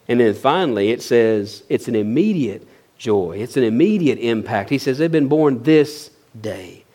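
A male pastor giving a sermon in an easy, conversational style. His voice sits at an ordinary middle pitch for a man. He keeps throwing rhetorical questions at the congregation and lets a soft laugh slip in now and then. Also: lively intonation, normal speed.

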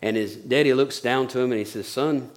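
A middle-aged man preaching a sermon, with emphatic, repetitive phrasing that drops to soft, intimate tones. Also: medium pitch, steady tone, fast talker. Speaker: pastor.

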